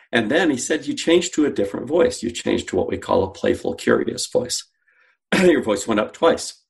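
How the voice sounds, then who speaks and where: This sales company founder, appearing as an interview guest, has a mid-range, gravelly voice with a brisk, sing-song delivery. He narrates a story and performs the dialogue he's quoting.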